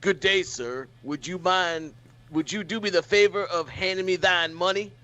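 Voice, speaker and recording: Guy doing a rough street robber, fake polite, sharp bright voice. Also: high-pitched, moderate pace, lo-fi sound. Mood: threatening. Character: crude male street robber.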